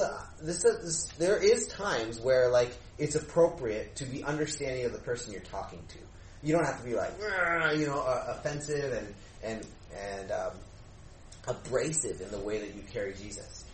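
A man leading a youth group discussion in an animated way, often asking rhetorical questions and acting out exchanges. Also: medium pitch. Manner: animated, asks rhetorical questions, acts out dialogue. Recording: echoey room, faint background noise.

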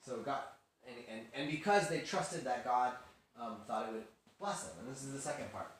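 A man giving a casual, animated Bible lesson to a youth group, acting out quotes and laughing as he goes. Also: mid-range voice, normal speed. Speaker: youth teacher. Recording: very echoey room, faint hiss.

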